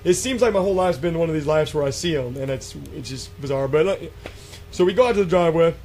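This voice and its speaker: Male guest, casual storyteller, slightly high voice, animated, faint background noise. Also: fast. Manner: animated, acts out quotes, many fillers and restarts. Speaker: guest telling an encounter story. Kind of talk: casual storytelling on a radio show.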